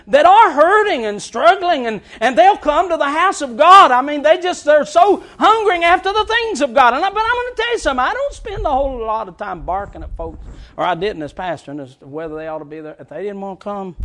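Folksy preacher with a high voice. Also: male voice, big pitch swings, a little fast, sharp tone. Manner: folksy, frank, chuckling asides. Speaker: pastor. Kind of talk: sermon.

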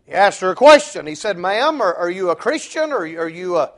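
A man's voice: big pitch swings, a little fast, few pauses. A male preacher, delivering a sermon and telling a story with rising intensity. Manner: storytelling, rising in pitch and force for the punchline.

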